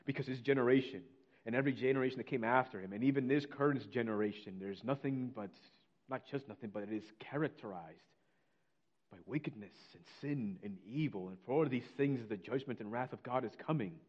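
A man preaching a sermon, reading scripture slowly and telling a story with earnest feeling. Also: medium pitch, muffled recording. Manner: earnest preaching, slows on scripture, drops to near whisper. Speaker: pastor.

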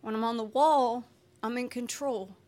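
A woman telling an emotional personal testimony, animated and expressive, acting out what people said. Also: on the high side, moderate pace. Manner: animated, expressive, acts out quotes. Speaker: speaker sharing a personal testimony.

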